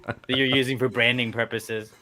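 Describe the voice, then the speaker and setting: Bright-voiced man ranting, swearing. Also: mid-range voice, level tone, moderate pace. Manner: ranting, profane, exasperated. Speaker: podcast co-host. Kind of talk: casual chat.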